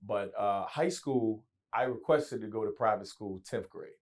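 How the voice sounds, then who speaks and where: A man in his thirties, an interview guest, telling lively stories and slipping into voices. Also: lowish voice, unhurried. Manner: animated, slips into voices, restarts. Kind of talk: storytelling interview.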